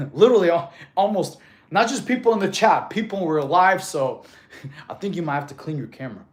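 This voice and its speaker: Guy in his 30s streaming, reading chat out loud, chill bro-ish fitness coach vibe, voice sits a bit high. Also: lively intonation, fairly quick. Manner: laid-back, reads chat aloud, calls people bro.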